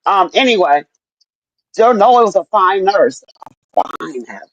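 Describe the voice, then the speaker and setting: Woman on a video call, a loud, laughing storyteller with a swooping voice and dull, dry audio. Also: mid-range voice, measured pace, dry recording. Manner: animated, laughing, profane storyteller. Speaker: guest recovering at home. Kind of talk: casual chat.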